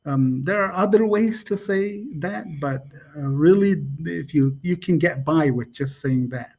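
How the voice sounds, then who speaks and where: A man gives a relaxed, casual language lesson at a very slow pace, pausing often and filling the gaps with ums and uhs. His voice is husky and a little breathy, with mid-range pitch. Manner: unhurried, hesitant, with many pauses and fillers. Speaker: language teacher.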